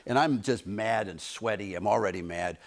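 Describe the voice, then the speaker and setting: A man's voice: fairly low pitch, moderate pace. A man from Detroit, a talk show guest telling rambling anecdotes full of restarts and acted-out voices, in a TV studio. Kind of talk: casual anecdote.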